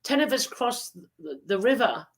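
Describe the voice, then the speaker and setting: A woman's voice: fairly high pitch, normal speed, pitched above the performer's own voice. A woman voicing a group of frightened young boys who count themselves again and again. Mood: alarmed. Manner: excited, rising, loud counting.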